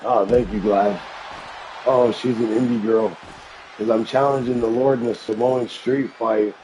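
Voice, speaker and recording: A man doing hyped play-by-play commentary on a live-streamed wrestling game, rising into shouts on big moments. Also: medium pitch, fairly even intonation, measured pace, slight background noise, low-quality recording. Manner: hyped announcer delivery that rises to shouts.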